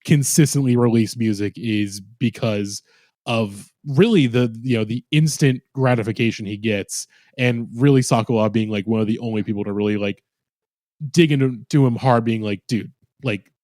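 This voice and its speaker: A man in the guest seat of a casual podcast chat, spinning animated stories and acting out quotes with a curse or two. His voice sits in the middle of the range, recorded close and dry with no room around it. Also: mid-range voice, moderate pace, no echo. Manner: animated storyteller who acts out quotes and swears.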